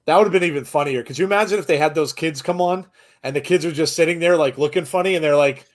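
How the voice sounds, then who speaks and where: A man co-hosting a live reaction commentary, excitable, laughing often and gushing with exclamations. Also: on the high side, fast talker. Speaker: co-host of a wrestling watchalong.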